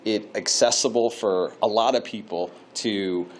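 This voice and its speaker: A man's voice: fairly low pitch, unhurried, slight background noise. A man hosting a casual interview, upbeat and promotional. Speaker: host.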